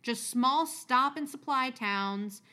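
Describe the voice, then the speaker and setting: A woman's voice: sits high, takes it slowly, bright, forceful tone. Chatty woman reading a story aloud. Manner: chatty, swears freely, laughs at her own asides.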